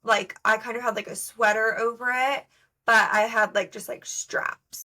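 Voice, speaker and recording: Here a young woman co-hosting a podcast spins casual stories full of fillers. Her voice is a little high and level in tone, bright and forceful, delivered at a moderate pace.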